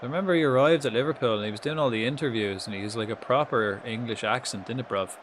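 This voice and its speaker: A man giving casual, swear-laden commentary while playing a football management game live, reacting loudly to the match. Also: medium pitch, fast talker, slight background noise, low-quality recording. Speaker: streamer.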